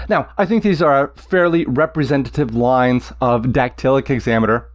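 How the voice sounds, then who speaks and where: With a medium-pitched voice, this man teaches Latin, eagerly walking listeners through poetic meter and chanting its rhythms aloud in a deliberate way.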